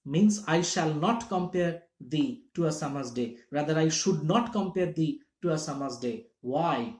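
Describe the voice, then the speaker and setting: A man's voice: a little high, expressive, a little slow, darkish tone. A man teaching literature in a classroom-lecture style, explaining step by step and checking in with his listeners. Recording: echoey room.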